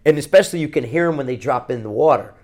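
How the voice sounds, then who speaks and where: A man's voice: mid-range voice, rapid-fire. A man from Connecticut, a podcast co-host, telling a long outdoor story in a casual, rambling way with plenty of swearing. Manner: rambling, profane, animated anecdote-telling.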